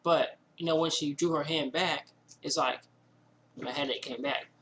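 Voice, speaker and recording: Bright-voiced man rambling through a story. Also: on the high side, normal speed, a little hiss or hum, poor audio. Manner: rambling, animated retelling with many fillers and quoted asides. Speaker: vlogger telling a personal story. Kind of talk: casual storytelling. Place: indoors at home.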